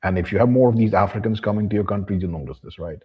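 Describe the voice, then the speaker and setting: A deep, husky male voice carries a blunt, profane rant to camera. He keeps referring to himself in the third person with open contempt, and the recording sounds slightly muffled and lo-fi. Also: racing. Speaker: vlogger. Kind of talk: monologue to camera.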